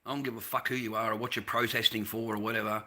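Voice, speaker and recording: Sharp-voiced angry Australian man ranting. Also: fairly low pitch, level tone, quick pace. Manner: profane, heated, repeats himself, drops "mate".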